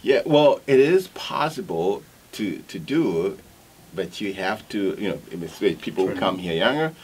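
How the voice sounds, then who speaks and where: A man from Africa answering interview questions, talking in halting bursts with frequent restarts and tagging his points with "right?". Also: on the low side, expressive, a little mellow, breathy edge. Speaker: interview guest.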